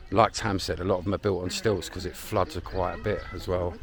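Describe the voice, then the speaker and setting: A man's voice: low-pitched, little pitch movement, a little fast, vocal fry, hardly any pauses. A man with a London accent chatting casually as he films a travel vlog, walking through a lakeside village and cheerfully greeting locals. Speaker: travel vlogger. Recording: noisy outdoor ambience.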